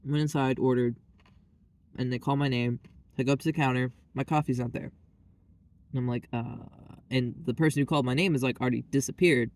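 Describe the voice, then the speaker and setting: A man's voice: mid-range voice, fairly even intonation, brisk, pauses often. A man vlogging in a casual, rambling monologue, venting with exasperation and lots of filler words.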